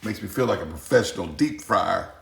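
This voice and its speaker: A man's voice: low-pitched, lively intonation, a little fast, creaky, background noise. A man casually talking through a home cooking demonstration, rambling along with folksy, joking asides. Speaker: home cook hosting a cooking channel. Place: home kitchen, indoors. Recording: echoey kitchen with clattering pots.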